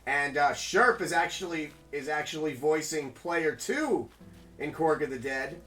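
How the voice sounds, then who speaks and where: A male streamer chatting loosely with his viewers while he plays, rambling from one thought to the next. His voice sits a little high. Faint music runs quietly underneath. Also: animated, measured pace. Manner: rambling, chatty, talks to chat. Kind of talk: casual live-stream chat while gaming.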